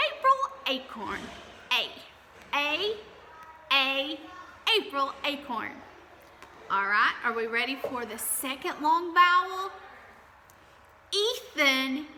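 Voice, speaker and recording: Female kindergarten teacher, lively up-and-down delivery, exaggerated vowel sounds, echoing room. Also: high voice, a little hiss or hum. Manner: sing-song, exaggerated vowel sounds, coaxing questions. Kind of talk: early-years phonics lesson.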